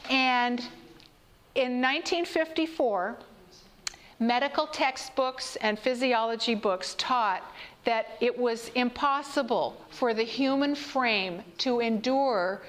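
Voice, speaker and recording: A high-pitched woman speaking to a congregation in a sermon-style talk. She tells stories and asks her listeners questions. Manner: storytelling, asks the audience questions.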